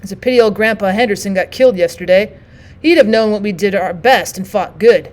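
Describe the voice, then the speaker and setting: A woman's voice: mid-range voice, a little fast, a little mellow, close to an everyday voice. A woman voicing a young soldier who speaks soothingly in plain, folksy talk.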